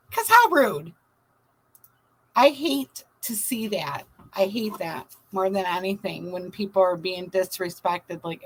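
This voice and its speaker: A woman's voice: medium pitch, poor audio. A woman hosting a casual livestream, chatting, telling stories and greeting viewers by name. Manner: chatty storyteller, shouts out viewers. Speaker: livestream host.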